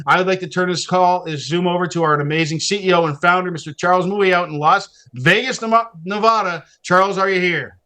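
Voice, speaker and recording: Upbeat guy in his 50s hosting a zoom webinar, kinda high voice, rattling off places and shout-outs. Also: brisk, hardly any pauses, clear, resonant tone. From Massachusetts. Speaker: webinar host. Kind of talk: welcoming attendees on a live video call. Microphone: video call.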